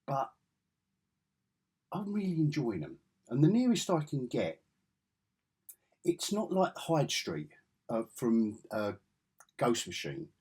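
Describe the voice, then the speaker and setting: A man's voice: medium pitch, darkish tone, slightly rough. An English man with an enthusiastic, rambling way of talking, reviewing comic books in a casual vlog. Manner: rambling, enthusiastic, self-correcting.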